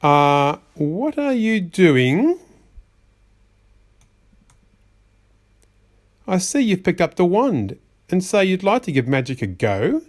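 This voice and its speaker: A man's voice: high-pitched, sing-song, moderate pace. A man voicing a fussy magician's white rabbit that scolds a child in rhyme, exasperated and sing-song. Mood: scolding. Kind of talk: rhyming storybook reading.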